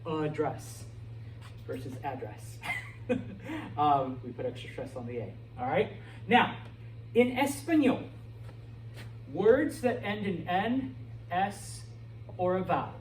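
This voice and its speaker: A man's voice: high-pitched, big pitch swings, takes it slowly, long pauses. A middle-aged man teaching a Spanish class, lecturing and checking in with "okay?" after nearly every point. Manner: checks in with "okay?" and "all right?" often. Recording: echoey classroom, from far off, faint noise.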